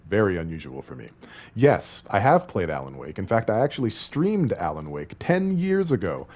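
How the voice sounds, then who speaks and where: Playful low-voiced male streamer. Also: big pitch swings, normal speed, a little mellow. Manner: rambling and playful, talking to chat and reading game text aloud. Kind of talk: casual live-stream chat while playing.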